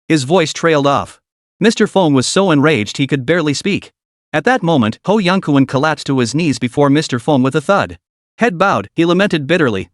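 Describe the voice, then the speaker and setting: A man's voice: a little high, lively intonation, normal speed, no room sound, clean studio sound. A man narrating a dramatic story in scripted style.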